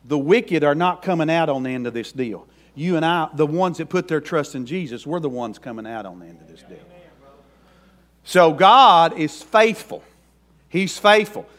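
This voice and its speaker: High-voiced, emphatic preacher man. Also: expressive, normal speed, fairly bright tone. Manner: folksy, emphatic preaching with rural dialect. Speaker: pastor. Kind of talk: sermon.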